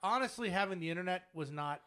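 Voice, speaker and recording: A man with a slightly high voice who ambles through his sentences, stopping and restarting, with dry jokes along the way. It is relaxed conversation among friends. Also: fast, clear, resonant tone. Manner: hesitant, restarts often, joking. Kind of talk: casual chat.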